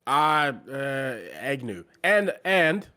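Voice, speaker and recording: Man co-host, banter-heavy and reactive; mid pitch, dry close-miked podcast sound. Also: animated, pushed and bright, clear, resonant tone, dry recording. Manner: jokey, quick reactive banter. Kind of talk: casual chat.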